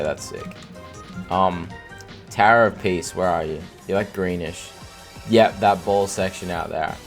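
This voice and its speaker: A young man from Australia with a very low, deep voice chats loosely while he plays, tired and full of fillers. Faint game music sits quietly underneath him. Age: 20s. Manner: rambling, filler-heavy, laughs often. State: tired, no sleep. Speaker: gaming streamer. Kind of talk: casual gameplay commentary.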